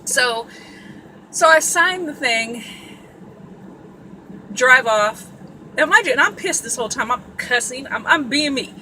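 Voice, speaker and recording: Woman from Sacramento, casual storytelling, blunt and profane, bright edgy voice, fairly high pitch. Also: expressive, unhurried, long pauses, slight background noise, rough recording. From Sacramento, California. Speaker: vlogger.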